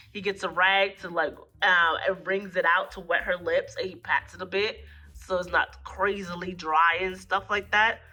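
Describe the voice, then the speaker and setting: A woman giving a rambling, casual movie recap, full of fillers and quick acted-out quotes. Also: mid-range voice, bright, forceful tone. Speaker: movie reviewer. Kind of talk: casual spoken plot recap.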